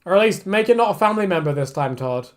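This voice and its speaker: Animated English streamer woman. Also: fairly low pitch, fast. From England. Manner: animated, laughing, swearing, reading chat. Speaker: streamer, artist. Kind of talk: casual live-stream chat.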